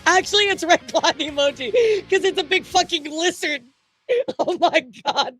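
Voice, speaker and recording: A woman's voice: extremely high pitch, normal speed, a bit bright. A woman hosting a live stream, talking casually to her chat, chatty and repetitive with frequent laughs. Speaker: streamer news host.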